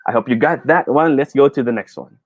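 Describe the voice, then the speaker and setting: A man's voice: mid-range voice, brisk, a little hiss or hum. A man with a Filipino accent teaching a live online pronunciation lesson, upbeat and encouraging, reading out viewer comments and switching between English and Tagalog.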